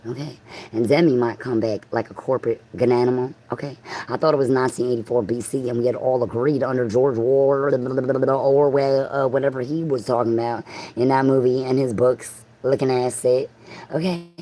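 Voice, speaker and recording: In an extremely low, dark voice with fairly even intonation, a woman talks at normal speed through a profane, wandering livestream. Hopping between thoughts, she addresses her viewers directly, and the recording quality is low.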